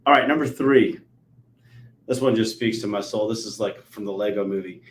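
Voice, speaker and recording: A man in his forties hosting a podcast interview, telling stories with lively energy. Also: on the low side, normal speed, slight background noise. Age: 40s. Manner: animated storyteller, acts out quotes. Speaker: podcast host. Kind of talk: conversational interview. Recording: echoey room.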